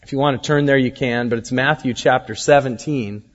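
Pastor, male, casual animated preacher; dull-toned recording with long church-hall reverb. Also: medium pitch, fairly quick. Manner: conversational, animated storytelling with acted quotes. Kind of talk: sermon.

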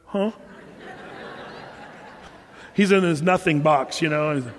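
A man's voice: on the high side, takes it slowly, a faint crowd. A man preaching as pastor, telling stories and joking with asides to his congregation. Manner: conversational and joking, with lots of asides. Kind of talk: sermon. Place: church sanctuary. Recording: long hall reverb in a church.

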